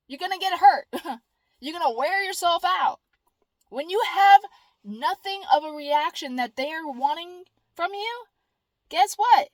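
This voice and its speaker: A woman's voice: very high voice, expressive, unhurried, no echo. A woman talking casually to her camera, rambling and blunt, swearing freely and mimicking whiny voices. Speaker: vlogger.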